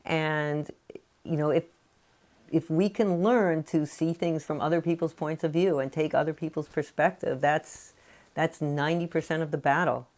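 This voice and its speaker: A woman with a low-pitched voice talks through parenting advice in an easy, conversational way. She leans on "you know" often and slips into quick acted-out snippets of what parents say to their children. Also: steady tone, a little mellow. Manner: conversational, many "you know" fillers, acts out parent quotes. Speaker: parenting author. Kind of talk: explanatory talk to camera.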